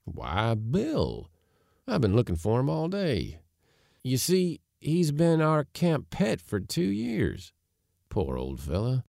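A man's voice: medium pitch, wildly swooping pitch, takes it slowly, creaky, a little mellow, dry recording, studio quality, voice pushed up, exaggerated voice. Man doing a sly, folksy young cowboy. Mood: mournful. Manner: folksy, earnest-sounding yarn spinning. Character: sly young cowboy, smooth-talking and quick.

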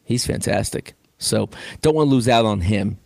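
Low gravelly male co-host, dry sound. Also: moderate pace, darkish tone, dry recording. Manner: hesitant, lots of fillers. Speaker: sports radio co-host. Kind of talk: casual sports talk.

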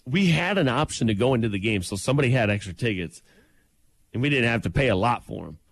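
A man co-hosting a radio morning show, bantering in a teasing, lively way. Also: mid-range voice, fast talker, vocal fry. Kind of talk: casual chat.

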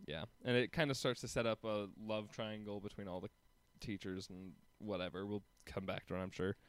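A man's voice: lowish voice, fairly even intonation, fairly quick, smooth. A man co-hosting a casual chat about a TV episode, hesitant, with lots of ums and restarts. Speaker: podcast co-host.

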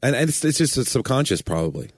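Animated Southern man joking on a podcast. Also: medium pitch, quick pace, husky, no echo, studio quality. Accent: East Tennessee Southern, toned down. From Knoxville, Tennessee. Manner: animated, joking, acts out quoted voices. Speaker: podcast co-host. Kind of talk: casual podcast banter.

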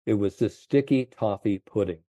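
A man in his seventies, a golf confidence coach, telling animated stories in an interview, full of "you know". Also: lowish voice, moderate pace, dry recording, dull audio. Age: 70s. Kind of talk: storytelling interview chat.

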